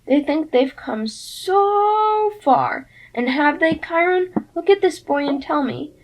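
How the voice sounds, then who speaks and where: A sneering, impatient pudgy camp director who scoffs at mortals, as a woman reader puts him on. His lines drawl out with open contempt. The voice sits somewhat high. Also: animated, takes it slowly, low-quality recording. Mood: scornful.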